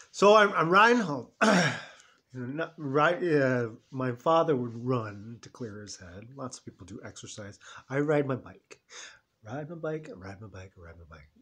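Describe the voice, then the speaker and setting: A man in his fifties tells a personal story, his husky voice rising and falling a lot. He rambles emotionally, slipping into quoted voices of himself and others. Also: mid-range voice, sharp tone. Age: 50s. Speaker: vlogger.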